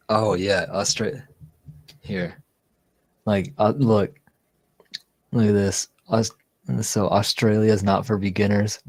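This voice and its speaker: A tipsy man with a lowish voice rambles and jokes through a casual livestream chat. He stumbles over words and breaks into laughs between thoughts. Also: level tone, slow pace, pauses often. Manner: rambling, joking, laughs often. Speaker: livestream host.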